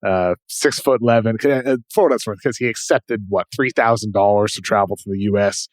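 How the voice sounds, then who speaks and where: New england guy hosting a podcast, quick notes, dry close sound. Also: on the low side, fairly even intonation, no echo. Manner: brisk rundown of notes, self-correcting. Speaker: podcast host. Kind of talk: casual podcast segment hosting.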